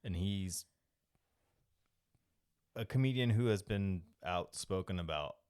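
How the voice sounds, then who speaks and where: A man co-hosting a podcast, recapping film scenes in a relaxed, rambling way with many fillers. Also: low-pitched, takes it slowly, smooth. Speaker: podcast co-host. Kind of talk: casual movie discussion.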